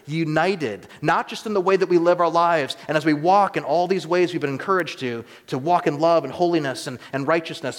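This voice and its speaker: An American man preaching a sermon in a church, earnest and measured, slowing down and dropping to a hush on key words. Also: mid-range voice. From United States. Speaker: pastor. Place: church sanctuary. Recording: long hall reverb.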